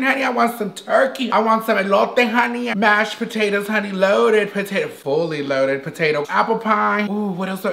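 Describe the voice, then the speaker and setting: Sassy campy man with a gravelly voice. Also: sits high, pushed and bright. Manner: campy, sassy, says "honey" often. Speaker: beauty vlogger. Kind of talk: casual chat. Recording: roomy echo.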